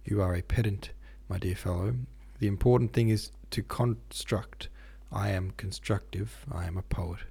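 A man's voice: fairly low pitch, fairly even intonation, normal speed, creaky, few pauses, dark tone, slightly rough, exaggerated voice. A man voicing a pompous, slightly drunk young poet who speaks in grand, rhythmic sentences. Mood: lofty. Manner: grand, rhythmic, self-pleased delivery.

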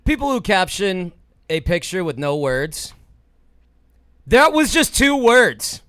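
Easygoing male podcast host, smooth voice. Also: high voice, big pitch swings, slow pace, bright, forceful tone. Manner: easygoing, jokey, leads the segments. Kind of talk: casual chat.

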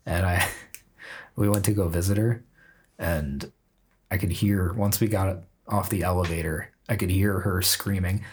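A man's voice: sits low, fairly even intonation, measured pace, slight background noise. A man chatting casually on a podcast, laid-back and swearing now and then. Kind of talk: casual chat.

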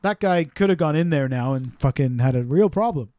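A man's voice: a little high, expressive, brisk, warm tone, no room sound. A man co-hosting a podcast, telling stories in casual, profane banter with a joking manner. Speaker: podcast co-host.

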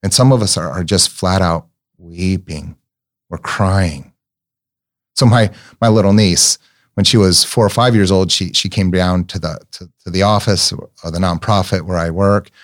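In a low-sitting voice, a middle-aged man delivers a reflective, earnest talk resembling a sermon. He tells personal stories in a gentle way, often repeating words as he searches for them.

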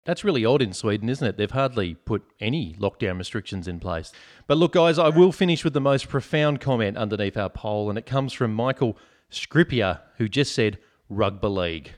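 A man's voice: mid-range voice, animated, normal speed. Man, Australian accent, podcast host, joking, casual chat. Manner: cheeky, joking, reads out listener comments.

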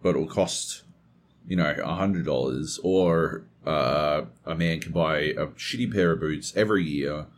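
A man's voice: very deep voice, slight background noise. A man co-hosting a gaming podcast, chatting casually and telling stories with plenty of swearing. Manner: swears a lot, animated storytelling. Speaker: podcast co-host. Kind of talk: casual chat.

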